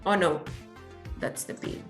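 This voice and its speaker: A woman's voice: a little slow, faint music behind. Upbeat woman teaching English. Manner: encouraging, praises often, switches to Spanish. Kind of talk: online class teaching.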